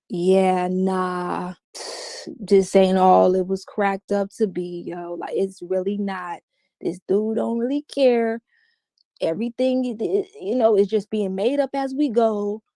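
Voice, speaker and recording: A woman's voice: medium pitch, dark tone, no room sound, studio quality. A woman as an interview guest, giving a candid, emphatic personal account in slangy everyday speech.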